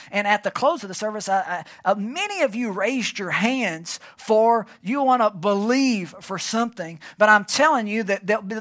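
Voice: mid-range voice, fairly bright tone. A pastor preaching a sermon at a church service, emphatic and prompting the congregation to fill in words.

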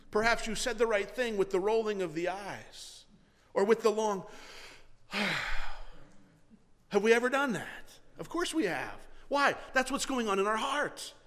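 A man with a high voice preaches a sermon, sounding earnest as he asks his listeners questions. He often stumbles over and repeats his words before pushing on. His voice carries a long reverb, as in a church sanctuary. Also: fairly bright tone. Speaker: pastor.

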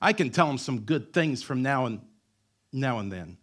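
A male pastor in his thirties preaches in a church with a middle-pitched voice. He drives his points home with emphatic repetition and slips in joking asides. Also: animated, normal speed, a bit bright, husky. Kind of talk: sermon.

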